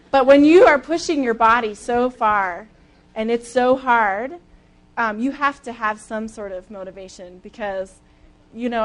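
A young woman giving a sermon as a lively, chatty personal story, with casual fillers and easy laughs. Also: on the high side. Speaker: speaker at a church talk.

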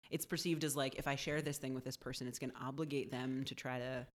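A woman with a low voice talks thoughtfully in an unhurried conversation. She often tags her points with a quick "right?" to check in with the listener. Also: steady tone. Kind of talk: conversational podcast chat.

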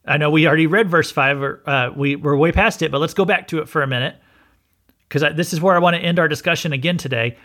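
A man delivers a relaxed, sermon-style Bible lesson, his voice sitting a little high. He talks to listeners directly and often stops to check they are following. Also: fast. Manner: conversational, frequent "okay?" check-ins. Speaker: pastor and podcast host.

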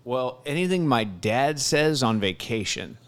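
A man's voice: mid-range voice, animated, measured pace, smooth. A man co-hosting a casual chat, telling stories in an easygoing way, often trailing off and restarting. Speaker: podcast co-host.

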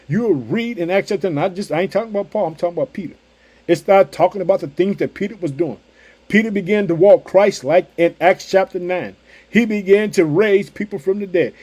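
A man preaching with fervor, his voice sitting high for a man. He hammers home repeated catchphrases and jumps from booming declarations to quiet, intimate asides. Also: slightly rough. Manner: emphatic, repeats catchphrases, swings between loud outbursts and hushed asides. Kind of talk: sermon.

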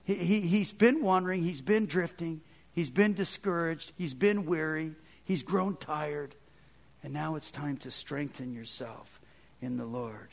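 A male pastor with a fairly high voice delivers a conversational sermon. He swings between loud, emphatic stretches and soft, low passages, peppering his talk with casual asides. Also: measured pace, creaky. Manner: conversational, with frequent "man" and "kind of".

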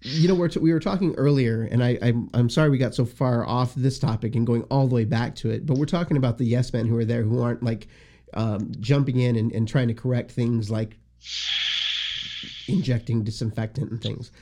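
A man's voice: medium pitch, mellow. Laid-back guy hosting a podcast, tosses out questions to the guys. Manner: easygoing, quick questions, laughing asides. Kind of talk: casual chat.

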